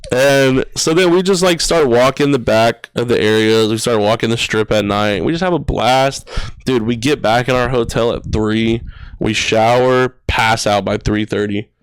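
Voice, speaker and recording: A man's voice: mid-range voice, moderate pace, clear, resonant tone, no room sound. A young man in his twenties, a podcast guest, telling a personal story in casual slang, full of "bro" and "dude" and swearing. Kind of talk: emotional storytelling. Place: podcast studio.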